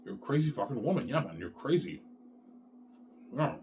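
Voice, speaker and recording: Man, 30s, vlogger. Agitated, repetitive, swears constantly, with pitch swinging wide between loud outbursts and low mutters. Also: very animated, normal speed, a little hiss or hum. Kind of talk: rambling monologue to camera.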